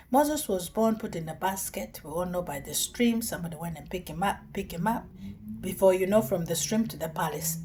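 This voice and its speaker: A woman preacher retelling a scripture story in a sermon, animated, dropping into whispers and bursting into exclamations. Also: lowish voice, slight background noise.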